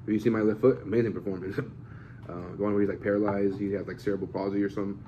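Fast-talking man in loose swearing banter. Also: lowish voice, flat delivery, dull audio, slight background noise. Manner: rambling, swearing, acting out quoted voices. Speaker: podcast co-host. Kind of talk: casual chat.

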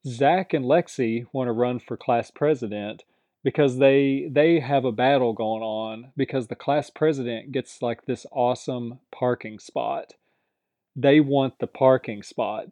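A man's voice: medium pitch, dark tone, no echo. A man casually retelling the plot of a TV episode in a rambling way, with many fillers and asides.

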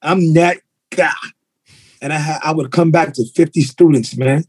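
A man, a martial arts school owner, talking bluntly and telling animated stories with street slang on a podcast. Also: on the high side, moderate pace, slightly rough, no room sound. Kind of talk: casual podcast conversation. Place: podcast recording.

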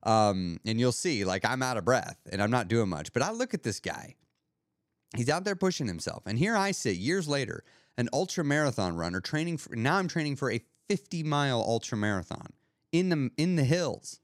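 A man's voice: a little high, dry recording. Podcast host, male, earnest and upbeat, thinks aloud, dead-dry close mic. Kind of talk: reflective podcast monologue.

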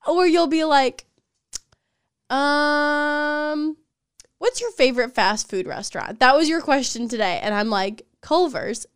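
A woman's voice: high-pitched, a little slow, no room sound, studio quality. A young woman co-hosting a podcast, animatedly retelling her partner's questions in casual chat. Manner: animated storyteller, quoting her partner, laughing often. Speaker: podcast co-host.

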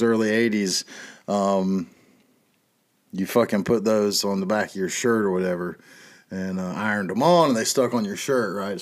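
Profane rambling man. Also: fairly low pitch. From North Carolina, USA. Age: middle-aged. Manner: profane, rambling, laughs at his own jokes. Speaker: podcast host. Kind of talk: casual monologue.

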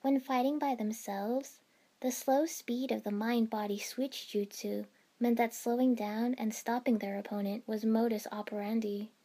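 A woman reading a first-person fan fiction story aloud in a steady storytelling manner. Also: fairly high pitch, normal speed. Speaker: narrator.

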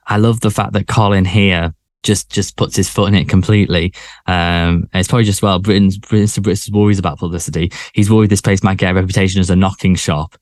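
Deep-voiced man, hesitant. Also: steady tone, fairly quick, no echo. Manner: hesitant, many restarts. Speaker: podcast co-host. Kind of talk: casual chat.

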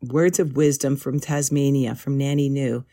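A woman's voice: extremely low pitch, fairly even intonation, normal speed, mellow. A woman hosting a gardening podcast, introducing guests with a friendly, lightly humorous manner. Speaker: podcast host.

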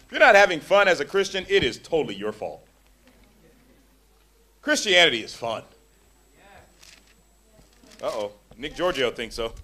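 A man's voice: a little high, moderate pace, long pauses. A middle-aged man preaching a sermon in a church, acting out the voices of the people in his stories. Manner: animated, acts out quoted voices. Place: church hall.

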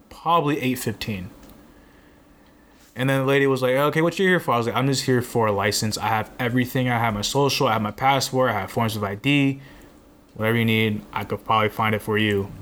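A man's voice: mid-range voice, fairly bright tone. A young man telling a rambling, exasperated story in casual chat, swearing now and then.

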